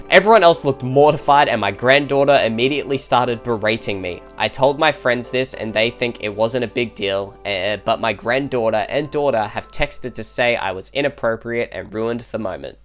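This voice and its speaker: A man's voice: medium pitch, lively intonation, normal speed, fairly bright tone, soft background music. A man co-hosting a comedy show, reading online posts aloud in a casual way, with laughs and jokey asides. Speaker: co-host reading online stories.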